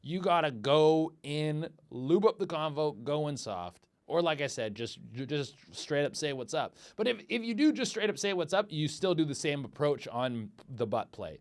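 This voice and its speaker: A man's voice: fairly high pitch, very animated, moderate pace, hardly any pauses. A man hosting a comedy podcast, rambling crudely and acting out little quoted exchanges. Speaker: podcast host.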